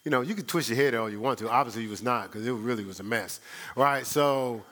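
Middle-aged guy preaching a sermon, bright forceful tone, chatty, jokes with the crowd. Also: mid-range voice, fast. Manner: conversational, teasing the congregation. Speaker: pastor.

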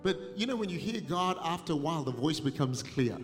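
A middle-aged male pastor telling a funny story in a sermon, animated and laughing as he goes, recorded live in a large church. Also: a little high, fairly quick. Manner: humorous, animated storytelling, laughing through anecdotes. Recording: live church recording with long reverb and music behind.

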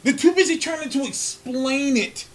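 A man co-hosting a podcast, talking loudly and excitedly, swearing freely and laughing often in casual chat. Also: very high-pitched, a little slow. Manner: loud, animated, swears a lot, laughs often. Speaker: podcast co-host.

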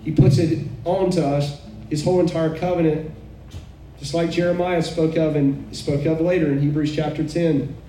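A woman's voice: sits low, steady tone, moderate pace, dark tone. Fervent woman preaching in an echoey room. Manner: fervent, exclaiming, chuckling asides. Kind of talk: sermon. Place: room with a live audience. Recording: echoey room, mic far off, faint noise.

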